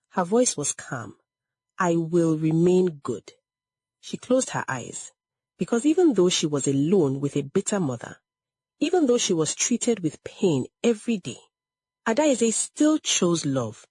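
A woman narrates a story slowly, with measured, emotive phrasing. Her voice is husky and mellow, with lively swings in pitch. The sound is close and dry. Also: dry recording.

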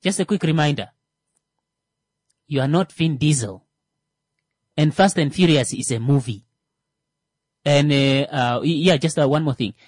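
A male radio show host, talking casually and joking, with many "uh" fillers and pauses as he searches for words. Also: a little high, no room sound. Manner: hesitant, heavy on "uh" fillers, joking asides. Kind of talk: casual radio talk with jokes.

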